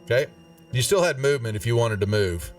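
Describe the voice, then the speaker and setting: A man running a tabletop game as game master, chatty and quick to laugh, often stopping to restart his sentences. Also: mid-range voice, expressive, recorded from a distance, faint music behind.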